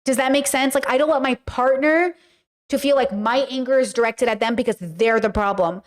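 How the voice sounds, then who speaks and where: A high-pitched woman, talking a little fast, hosts a podcast and speaks frankly and casually to her viewers. She's chatty, leans on lots of fillers, swears offhandedly, and acts out quotes along the way.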